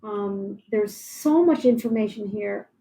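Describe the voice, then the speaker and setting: A woman's voice: medium pitch, takes it slowly, mellow, rough recording. A woman hosting a live-streamed interview, talking in a reassuring, encouraging way with some restarts. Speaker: podcast host.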